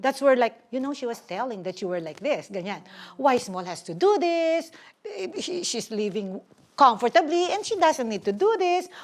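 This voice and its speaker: Chatty older woman. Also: high-pitched. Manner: chatty, animated storytelling with mixed English and Tagalog. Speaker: guest, vlogger. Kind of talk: casual interview chat.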